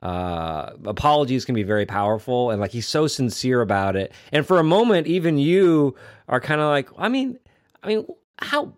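Animated man retelling movie scenes. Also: normal speed, clean tone. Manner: acts out movie lines in low growls, animated. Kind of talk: casual film discussion.

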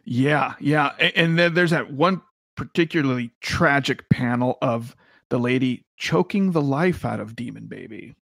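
A man co-hosting a casual chat, retelling a story in a rambling, halting way. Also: medium pitch, gravelly, fairly bright tone, dry recording, clean studio sound. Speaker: podcast co-host. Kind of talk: casual chat about a comic.

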